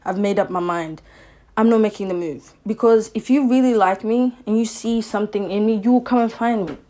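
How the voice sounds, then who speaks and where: A woman's voice: medium pitch, fairly quick, warm tone. A young woman, hosting a podcast and giving casual, opinionated relationship advice with lots of "you know what I'm saying". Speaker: podcast host.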